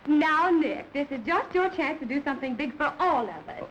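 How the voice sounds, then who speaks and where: An actress playing a wisecracking young showgirl, brassy and quick, in 1930s film dialogue. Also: sits high, animated, muffled recording, a little hiss or hum.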